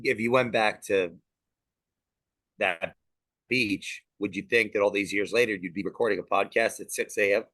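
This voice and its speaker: A man hosting a podcast, asking calm, brief questions in a casual conversation. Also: lowish voice, normal speed, dry recording. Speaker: podcast host.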